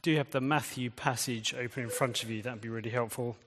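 A man's voice: mid-range voice, fairly even intonation, fast talker, fairly bright tone, slight background noise. A man preaching a sermon in a conversational way, quizzing the audience. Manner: conversational, engages the audience with quiz questions. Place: church. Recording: reverberant church hall.

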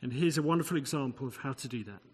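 A man's voice: mid-range voice, racing, breathy edge. A man preaching a sermon, explaining scripture with conversational asides and rhetorical questions. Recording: long hall reverb.

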